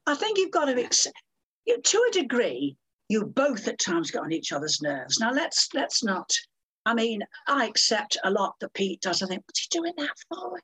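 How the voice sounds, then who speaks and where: A woman's voice: mid-range voice, big pitch swings, normal speed, fairly bright tone, husky, no room sound, poor audio. A woman, talking as an interview guest in a blunt, bawdy and theatrical way. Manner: blunt, bawdy and theatrical, acting out quoted voices. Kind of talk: casual interview chat.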